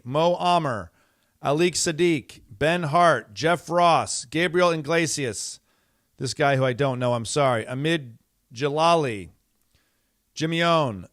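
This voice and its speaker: A man's voice: fairly high pitch, fairly bright tone, no room sound. Exasperated male podcast host, dry close mic. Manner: rambling, exasperated, many fillers and restarts. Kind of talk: casual monologue.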